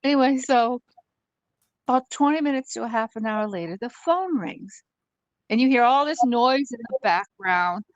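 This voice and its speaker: A woman telling a story in casual chat on a live stream, animated and laughing often as she goes. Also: on the high side, moderate pace, dry recording, lo-fi sound.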